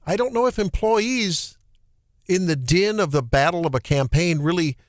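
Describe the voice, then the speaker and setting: Indignant Midwestern talk radio host. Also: male voice, on the high side, no room sound, clean studio sound. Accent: Midwestern American. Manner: animated, indignant, repeats and restarts. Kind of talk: opinionated political talk radio.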